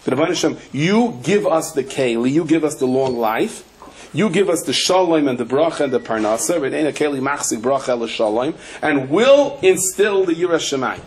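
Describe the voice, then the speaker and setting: A man's voice: a little high, lively intonation, moderate pace, darkish tone, breathy edge, low-quality recording. Man telling jokes in a Torah lecture. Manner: humorous storytelling, acts out quoted voices. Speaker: rabbi teaching a Torah class. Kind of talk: sermon-style lecture with stories.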